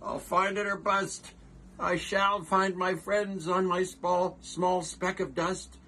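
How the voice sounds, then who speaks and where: A man's voice: sits high, level tone, takes it slowly, bright, forceful tone, a little hiss or hum, voice pushed up, exaggerated voice. A man voicing an earnest, kindhearted male elephant who calls out anxiously in a raised voice. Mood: determined.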